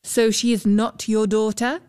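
A woman's voice: on the high side, flat delivery, unhurried, darkish tone, smooth, lightly acted. A woman voicing a tired, courteous young knight who speaks apologetically.

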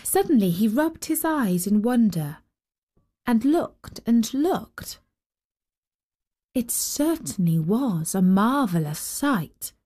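A woman hosting a storytelling show, reading a children's story in a slow, expressive narration. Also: fairly high pitch. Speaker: storyteller host. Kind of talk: scripted narration.

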